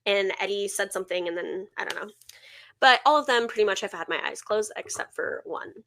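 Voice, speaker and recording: A woman's voice: mid-range voice, a little fast, gravelly, fairly bright tone. Chatty young woman telling a story. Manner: chatty, full of "like" fillers, storytelling. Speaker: podcast co-host. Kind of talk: casual chat.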